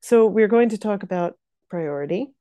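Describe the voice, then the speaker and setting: A woman's voice: mid-range voice, animated, normal speed, warm tone, dry recording. Sleepy, enthusiastic woman chatting. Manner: enthusiastic, laughs often, repeats words. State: sleepy, yawning. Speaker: podcast co-host. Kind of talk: casual chat.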